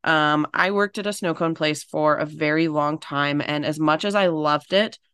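A young woman co-hosting a podcast in casual chat, upbeat, laughing often and jumping up in pitch. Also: moderate pace, a bit bright, clean tone, no room sound, studio quality. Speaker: podcast co-host.

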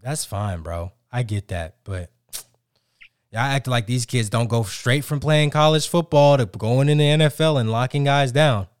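A man's voice: medium pitch, moderate pace, clear, resonant tone, dry recording, studio quality. Ranting man talking football. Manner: animated, ranting, many restarts. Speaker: sports podcast co-host. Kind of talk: casual sports banter.

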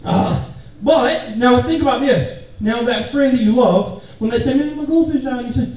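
A man's voice: very high-pitched, moderate pace, darkish tone, highs cut off. A man preaching a sermon to a room full of people, casual and joking, with call-and-response to the crowd. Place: church hall or meeting room with an audience. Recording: very echoey room, mic far off.

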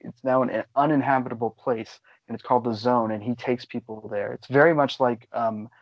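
A man co-hosting a podcast, chatting casually about movies in a rambling, excitable way and swearing freely. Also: medium pitch, fairly quick, no echo, muffled recording. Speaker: podcast co-host. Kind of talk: casual chat.

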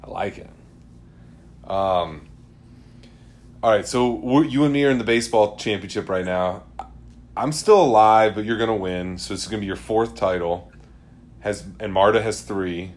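A man's voice: on the low side, normal speed, long pauses. A man co-hosting a casual fantasy sports chat, teasing his friend and steering the topics.

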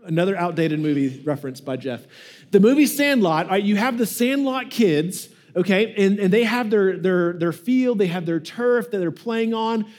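A man with a high voice preaches in a relaxed, joking way and slips into playful voices for the people in his stories. It sounds like a pastor talking straight to his congregation. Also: moderate pace. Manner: casual and joking, acts out quoted voices. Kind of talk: sermon.

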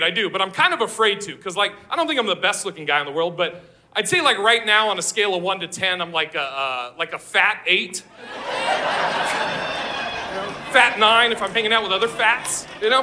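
A man doing a stand-up comedy set on a live stage, loud and brash, swearing and laughing at his own jokes. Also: high voice, slight background noise. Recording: live show with audience laughter.

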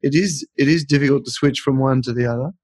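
A man's voice: mid-range voice, quick pace, a little mellow, breathy edge, no room sound. A man hosting a podcast, chatting casually and telling stories in a reflective way. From Australia. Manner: reflective, storytelling. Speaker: podcast host.

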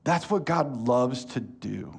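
Husky-voiced pastor preaching. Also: male voice, mid-range voice. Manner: animated storytelling, drops soft and slow when earnest. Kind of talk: sermon. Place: church hall.

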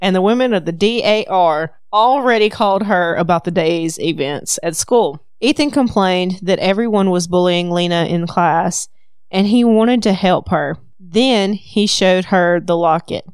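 A woman's voice: lowish voice, a little slow, smooth, no echo, clean studio sound. A woman with a Southern accent, hosting a podcast and retelling a story in casual chat. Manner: storytelling, laughs easily. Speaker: podcast host. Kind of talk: casual book recap chat.

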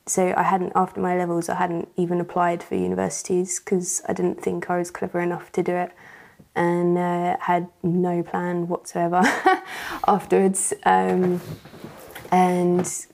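Low, gravelly-voiced woman. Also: monotone, unhurried. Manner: hesitant, soft-spoken, many fillers. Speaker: church guest sharing a testimony. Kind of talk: personal testimony interview.

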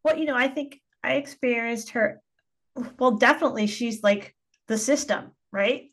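A woman's voice: fairly high pitch, moderate pace, a bit bright. A woman hosting a podcast interview, chatting casually and laughing often between her thoughts. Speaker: podcast host and pastor. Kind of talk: conversational interview.

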